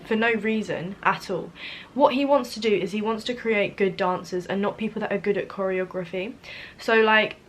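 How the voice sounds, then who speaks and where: A woman's voice: medium pitch, fairly bright tone, slight background noise. Upset teenage girl. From London, England. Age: teens. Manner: rambling, upset, filler-heavy. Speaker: beauty vlogger. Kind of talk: casual confessional chat.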